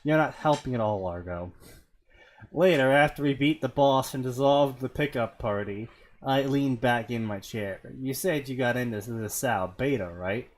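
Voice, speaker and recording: A man's voice: medium pitch, moderate pace. A man hosting a comedy show, reading fanfiction aloud and breaking off to mock it in disbelief. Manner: incredulous, mocking asides. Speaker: host.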